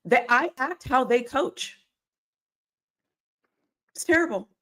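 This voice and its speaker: Her voice sits high and a little bright, animated yet slow. She's a woman from around Pittsburgh co-hosting a casual football talk stream over a video call at home, wandering off topic and laughing a lot.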